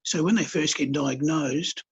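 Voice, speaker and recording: A counsellor speaks with a calm, earnest manner. His voice sits fairly high for a man, gravelly and husky. The recording is dull and lo-fi. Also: measured pace. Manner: calm, earnest storytelling with blunt colloquial words. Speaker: counsellor and healer guest. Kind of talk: conversational podcast interview. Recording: dull lo-fi podcast audio.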